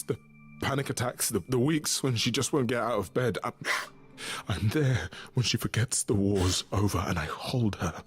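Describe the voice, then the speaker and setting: An actor playing a weary young male god of love in a video game, speaking in a heartfelt, halting way. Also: mid-range voice, breathy edge.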